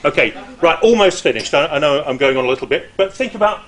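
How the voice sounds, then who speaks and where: A man's voice: fairly high pitch, quick pace. Chatty middle-aged male lecturer. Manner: lively and chatty, with frequent hesitations and asides. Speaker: university lecturer presenting at a seminar. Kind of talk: informal academic presentation.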